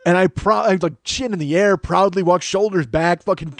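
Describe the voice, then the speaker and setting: A man's voice: sits high, normal speed, hardly any pauses. Profane man telling a story. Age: 40s. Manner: profane, animated storytelling that builds to loud mock pride. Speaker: comedian podcast host. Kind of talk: storytelling monologue.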